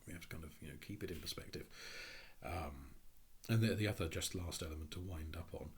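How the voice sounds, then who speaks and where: A man giving a reflective spoken talk on psychology, thinking aloud in a halting way with frequent restarts. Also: deep voice, slightly rough. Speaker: speaker on Jungian psychology.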